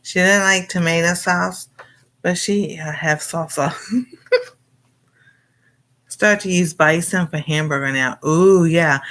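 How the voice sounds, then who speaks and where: In a fairly low, slightly bright voice, a middle-aged cooking channel host speaks slowly with long pauses. She rambles casually on her livestream, welcoming viewers and laughing a lot.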